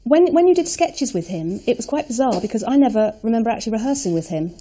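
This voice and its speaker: A woman's voice: on the high side, sing-song, fast, warm tone. A middle-aged woman chattily telling anecdotes in an interview. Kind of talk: reminiscing interview.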